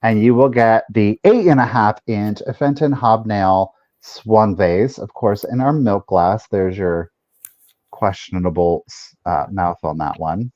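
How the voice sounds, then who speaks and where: A man's voice: fairly low pitch, measured pace. A man co-hosting a live vintage sale, joking around and trailing off with fillers as he describes items. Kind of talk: casual live-stream selling. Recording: dull lo-fi stream audio.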